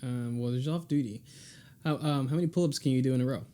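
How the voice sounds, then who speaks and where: A young man hosting a podcast, firing off quick questions in a playful way and laughing often. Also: medium pitch, mellow. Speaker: podcast host. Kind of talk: casual rapid-fire question game.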